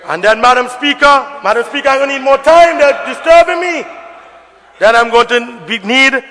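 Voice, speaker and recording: Guy giving a loud budget speech in parliament, real high voice, long chamber echo. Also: animated, moderate pace. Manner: emphatic, repetitive oratory, rising to shouts. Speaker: member of parliament. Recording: long reverb of a debating chamber.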